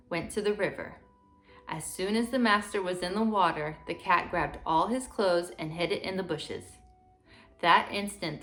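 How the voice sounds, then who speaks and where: Gentle woman reading a fairy tale aloud. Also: on the low side. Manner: gentle, steady storytelling. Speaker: parent reading to children. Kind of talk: storybook read-aloud.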